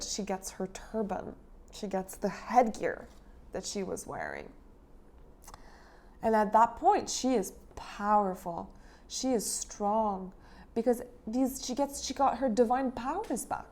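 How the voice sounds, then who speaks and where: A woman's voice: mid-range voice, darkish tone. A woman hosting her channel, casually retelling an ancient poem in a chatty, irreverent way with fillers and the odd swear word. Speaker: host.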